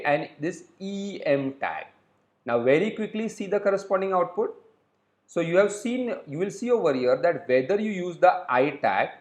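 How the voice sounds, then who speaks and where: Animated lecturing man in an echoey room. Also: a little high. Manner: explains slowly, repeats points and checks in with "okay?". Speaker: web development instructor. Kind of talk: recorded coding lecture.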